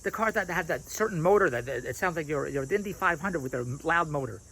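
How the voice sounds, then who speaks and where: A man's voice: on the high side, expressive, a little fast, creaky, a bit bright, husky, low-quality recording. A man vlogging outdoors at a restaurant, rambling and repeating himself, laughing at his own points, with insects chirping behind him. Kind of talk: rambling casual vlog monologue. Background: crickets and insects.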